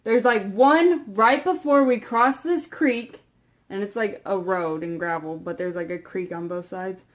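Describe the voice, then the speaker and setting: A young woman vlogger telling a long story to camera in a rambling, casual way, full of fillers and quiet trailing asides. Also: medium pitch, a little slow.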